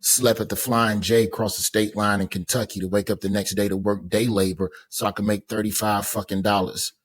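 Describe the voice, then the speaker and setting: A man's voice: on the low side, little pitch movement, brisk, husky. A man who is a comedian and podcast guest, talking bluntly and reflectively in casual, profane chat.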